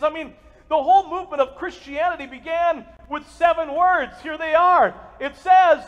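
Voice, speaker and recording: A man preaching a sermon as pastor to a live congregation, energetic and joking, and speaking straight to the people in front of him. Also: very high voice, a little fast, long reverb tail. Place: church sanctuary with a live congregation.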